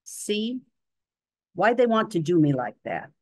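A woman's voice: mid-range voice, big pitch swings, a little slow, pitched above the performer's own voice. A woman voicing a weary, bitter older female hospital patient who talks plainly and sounds resigned, with folksy grammar.

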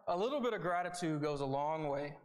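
This young preacher talks briskly and with lots of animation, his voice sitting on the higher side. He keeps the sermon earnest and casual, restarting phrases often and tossing in "right?" to check in.

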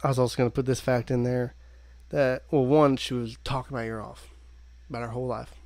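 A young man co-hosting a podcast, chatting in an easygoing way and quick to laugh. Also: medium pitch, level tone, darkish tone, no room sound. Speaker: podcast co-host. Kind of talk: casual chat.

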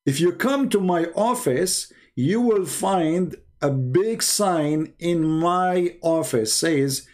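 Male host, high-pitched, sarcastic and incredulous, with non-standard English grammar. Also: expressive, slow, few pauses. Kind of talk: mocking religious commentary.

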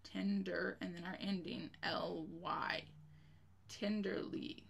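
Patient woman teacher, slow and steady, slightly gravelly, spells words out for kids. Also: lowish voice, slight background noise. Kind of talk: spelling lesson for children.

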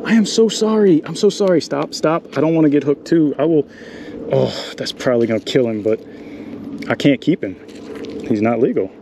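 Excitable man fishing outdoors. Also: medium pitch, background noise. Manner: excitable, talks to the animals and the viewers. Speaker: fishing vlogger. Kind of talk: casual running commentary while fishing. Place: small boat in a marsh bayou outdoors. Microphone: action camera mic.

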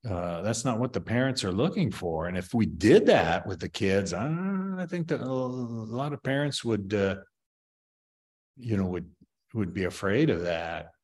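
A man's voice: lowish voice, lively intonation, unhurried, a little mellow. A man in his seventies, a martial arts master, giving opinionated, rambling answers in an interview with many fillers.

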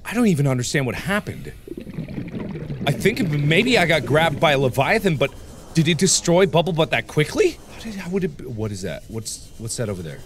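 A man's voice: a little high, sing-song, brisk, a little hiss or hum. A man in his twenties hosting a let's play, talking jokily to the game's creatures, swearing and yelping when startled. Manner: jokey, swears a lot, yelps in surprise, chats to game creatures. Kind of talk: excitable gameplay commentary.

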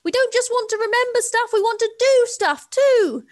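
A woman voicing a flock of eager elephant birds that shout down together while reading a storybook aloud. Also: extremely high pitch, moderate pace, pitched above the performer's own voice.

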